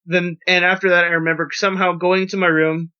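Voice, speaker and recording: A young man with a high, bright voice tells a story on a podcast in a loose, rambling way. He swears freely. The audio sounds dull and lo-fi. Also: a little fast, clear, resonant tone. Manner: rambling, profane, animated storytelling. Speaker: podcast host. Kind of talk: casual storytelling.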